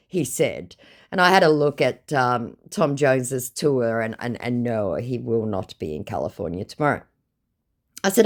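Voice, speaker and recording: A woman's voice: very deep voice, lively intonation, normal speed. Dry, sarcastic young woman narrator. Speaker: scambaiter narrating chats. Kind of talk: comedic reading of chat messages.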